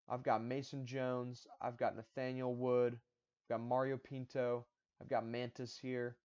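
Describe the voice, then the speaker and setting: A man's voice: medium pitch, a little mellow, smooth. A man hosting a fight-predictions channel, talking casually, repeating his picks and stumbling over restarts. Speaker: MMA predictions channel host. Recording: dull lo-fi audio.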